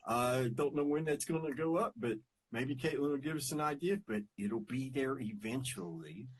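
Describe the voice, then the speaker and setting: A man, co-hosting a podcast, relaxed and rambling as he greets viewers and tells stories. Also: mid-range voice, moderate pace, breathy edge. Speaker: podcast co-host. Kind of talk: casual chat on a live stream.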